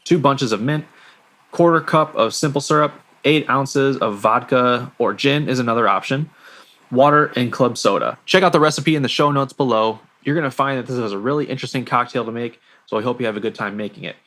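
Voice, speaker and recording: A man co-hosting a podcast, presenting a cocktail recipe in a relaxed way. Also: medium pitch, fairly quick. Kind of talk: casual podcast chat.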